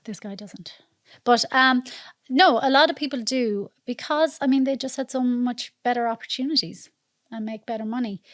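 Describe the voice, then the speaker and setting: Irish woman guest spinning travel yarns, high voice, dry close sound. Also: moderate pace, no echo. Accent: Irish, Mayo. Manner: lively, chatty, often laughing. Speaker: podcast guest. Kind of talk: casual storytelling chat.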